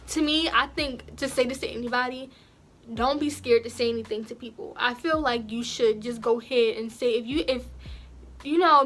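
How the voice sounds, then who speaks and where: A young woman recounting a personal story to her viewers in a casual, chatty way. Her voice sits a little high, and she jumps up in pitch and volume whenever she imitates someone. Soft music plays faintly behind her. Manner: animated, acts out quotes in raised voices. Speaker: vlogger.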